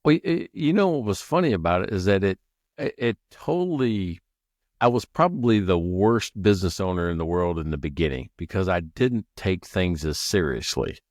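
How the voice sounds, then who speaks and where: A man with a somewhat low voice chats on a podcast, laughing as he tells stories and tripping over his own restarts. His voice is recorded close and dry, with no room sound around it. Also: lively intonation, normal speed, a little mellow, no room sound. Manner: laughs often, stammers and restarts, acts out quoted people. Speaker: podcast co-host. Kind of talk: casual chat.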